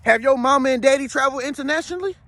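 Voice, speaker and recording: A man with a notably high voice talks straight to his viewers in a loose, slangy monologue. He is emphatic and rambling, and keeps checking in with his listener. The sound is close and dry. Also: racing, a bit bright, no echo. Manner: slangy, streetwise. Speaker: spiritual vlogger. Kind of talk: casual monologue to camera.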